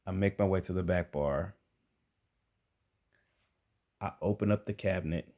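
Deep-voiced man telling a wild story. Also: unhurried. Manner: animated, conversational, addresses listeners directly. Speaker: storyteller and podcast host. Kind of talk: comic personal storytelling.

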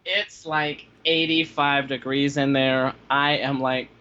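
A man tells pet-sitting stories in a casual chat, acting out his own past reactions with animated energy. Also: medium pitch, measured pace, a little hiss or hum. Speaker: podcast guest telling pet-sitting stories. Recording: slightly dull lo-fi sound.

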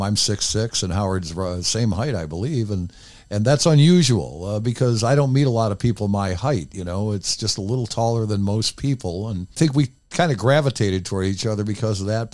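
A man's voice: fairly low pitch, animated, a little fast, darkish tone, no echo. Older man rambling through candid stories. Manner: rambling, candid, with many asides. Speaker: former radio DJ, guest. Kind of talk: casual storytelling interview.

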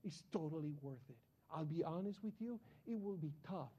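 High-voiced man preaching. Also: moderate pace, breathy edge, highs cut off. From Colombia. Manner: animated, excitable storyteller. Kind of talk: sermon with personal storytelling.

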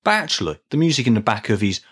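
Very fast and sing-song, this middle-aged podcast host has a mid-range voice that's a bit bright with a breathy edge. Alone on the mic, he rambles chattily, jokes at his own expense, and makes small restarts.

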